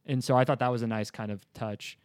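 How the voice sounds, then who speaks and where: Male podcast host, mid-pitched, loose and rambling delivery, dry booth sound. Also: fast talker, no echo. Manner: relaxed, rambling, laughs often. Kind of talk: casual movie review chat.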